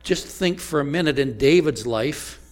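A man preaching a sermon as pastor, slow and deliberate, asking the congregation rhetorical questions. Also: a little high, lively intonation.

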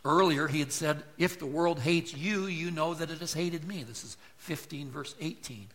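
A man preaching to a church congregation, explaining scripture with rhetorical questions and lively quoted lines. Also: a little high, moderate pace. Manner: expository preaching, rhetorical questions, voice jumps when quoting. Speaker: pastor. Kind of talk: sermon.

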